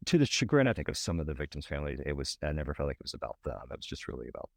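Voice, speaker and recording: A man from Alabama with a very deep voice talks as a documentary director on a podcast. He answers haltingly, restarting often, and his pitch jumps up when he gets going. The sound is close and dry. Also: very animated, vocal fry, dry recording. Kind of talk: casual interview answers.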